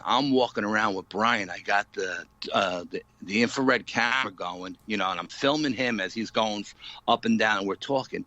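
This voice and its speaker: A man being interviewed as a paranormal investigator, retelling an eerie night in an animated, dramatic way full of "you know". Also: fairly low pitch, no echo, lo-fi sound. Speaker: paranormal investigator, podcast guest. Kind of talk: storytelling in a casual interview.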